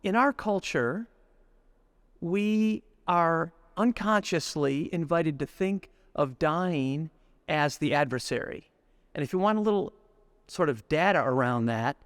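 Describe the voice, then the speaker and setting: A middle-aged man giving a spiritual retreat reflection, deliberate and storytelling, slowing down to linger on lists of words. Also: on the high side, no echo. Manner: storytelling, acts out everyday speech. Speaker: retreat speaker.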